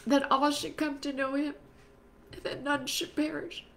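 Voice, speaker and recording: A woman leading a spoken prayer for a women's group, calling out loudly at times and dropping to a whisper at others. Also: sits high, little pitch movement, measured pace, a little hiss or hum. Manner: swings from loud fervent calls to soft whispered prayer.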